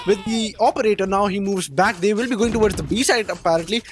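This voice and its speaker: A man doing play-by-play commentary on an esports match, getting excited and loud on big plays. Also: high-pitched, fast talker. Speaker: esports caster.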